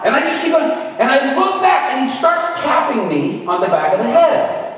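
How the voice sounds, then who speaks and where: A man preaching with an animated, humorous storytelling manner, heard in an echoey hall from far off. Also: very high voice, normal speed. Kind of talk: storytelling sermon. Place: event venue.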